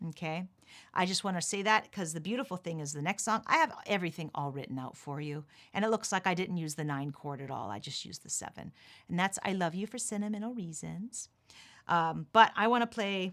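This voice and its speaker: On a livestream, a woman with a fairly low, fairly bright voice teaches ukulele, patiently explaining chords step by step. She calls out chords as she strums, so ukulele playing sits under her voice.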